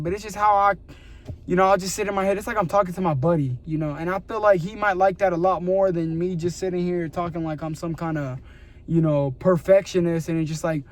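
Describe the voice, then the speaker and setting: Earnest rambling young man, high voice. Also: a little fast. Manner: rambling, earnest, lots of filler like "bro" and "you know"; slides into a lower, weary voice when quoting himself talking to God. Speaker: vlogger. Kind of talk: casual motivational rant to camera.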